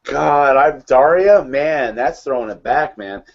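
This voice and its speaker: A man's voice: mid-range voice, animated, slow pace, vocal fry, dull audio. A man with a Midwestern accent, co-hosting a casual chat in a rambling, easygoing way. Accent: American Midwest. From American Midwest. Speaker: co-host.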